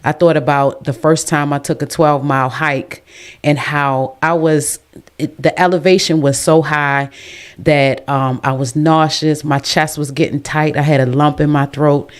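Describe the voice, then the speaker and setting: A woman's voice: deep voice, fairly even intonation, a little slow. Emotional, effusive woman podcast host. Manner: emotional, effusive, churchy phrasing. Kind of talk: casual chat.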